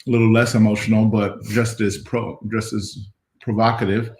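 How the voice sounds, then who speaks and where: A man hosting a casual show as pastor, playful and teasing, now and then bursting into falsetto song. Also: little pitch movement, normal speed, darkish tone, reverberant, slight background noise. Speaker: pastor and host. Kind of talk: casual livestream chat.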